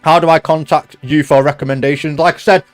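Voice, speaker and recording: A man's voice: on the high side, steady tone, a little fast, soft background music. A young man live-streaming from home, chatting loosely and reading out viewer comments. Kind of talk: casual live-stream chat.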